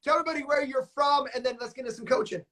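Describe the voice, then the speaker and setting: A man hosting a live coaching stream, talking in an energetic, hyped-up way full of slang and fillers. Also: very high voice, rapid-fire. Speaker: notary business coach and live-stream host. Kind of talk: live coaching stream, upbeat casual talk.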